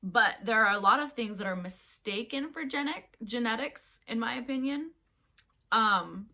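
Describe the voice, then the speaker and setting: Woman co-host, bright sharp tone, animated casual chatter with lots of fillers. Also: a little high, normal speed. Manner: animated, laughs often, many fillers. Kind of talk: casual podcast chat.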